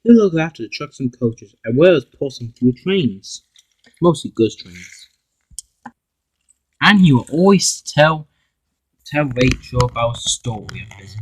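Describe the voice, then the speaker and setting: A man narrating a homemade storybook fan tale, halting and repeating words as he reads. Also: medium pitch, sing-song, husky, low-quality recording. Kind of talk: amateur storybook reading.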